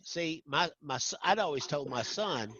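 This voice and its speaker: Animated man telling stories. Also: fairly high pitch, normal speed. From Arkansas. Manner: animated, acts out voices in anecdotes. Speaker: guest storyteller. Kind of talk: casual storytelling chat. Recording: dull lo-fi sound.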